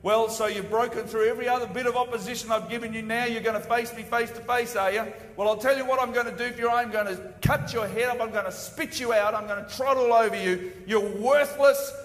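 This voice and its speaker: A preacher putting on a boastful giant's taunts. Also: male voice, extremely high pitch, steady tone, fairly quick, hardly any pauses. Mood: taunting. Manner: mocking, threatening. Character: boastful giant warrior taunting a young foe. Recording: echoey hall.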